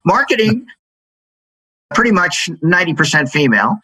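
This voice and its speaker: A middle-aged man spins lively stories of his sales career, jumping up in pitch whenever he acts out what others said. His voice is bright and forceful, sitting a little high, and it is recorded dry and close with no room sound. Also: moderate pace, breathy edge, dry recording, low-quality recording. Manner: animated, acts out quoted dialogue in a higher voice. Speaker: guest, sales executive. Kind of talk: storytelling interview answer.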